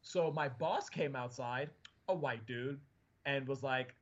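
Man, mid pitch, casual rambling storyteller, slightly dull recording. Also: slow. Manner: rambling, animated retelling with fillers.

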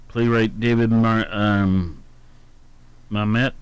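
Slow, unhurried man hosting a radio show. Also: fairly low pitch, clean tone, no echo. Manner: meandering, hums filler syllables, corrects himself aloud. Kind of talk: casual on-air chat, reading daily almanac.

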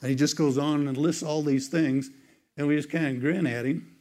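A man telling a story in a sermon to a church group, animated and conversational, leaping into high voices when he quotes people. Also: normal speed. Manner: conversational, many "it's like" asides. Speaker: teacher speaking to a church group.

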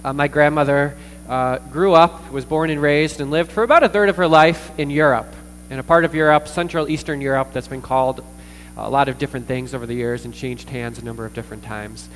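A man preaching a sermon as pastor, earnest, with pauses, fillers and repeated words. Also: mid-range voice, steady tone, fairly bright tone, soft background music. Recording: distant reverberant hall with mains hum.

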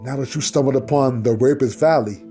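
A man voicing a cruel, mocking king who rules over villagers in the jungle, with booming, drawn-out taunts. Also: mellow, faint music behind, natural voice. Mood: menacing.

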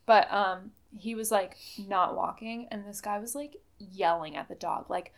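A woman's voice: mid-range voice, measured pace. A young woman in her twenties co-hosting a podcast, chatting casually and telling stories with lots of fillers. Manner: chatty, filler-heavy, animated storytelling. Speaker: podcast co-host. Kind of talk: casual chat.

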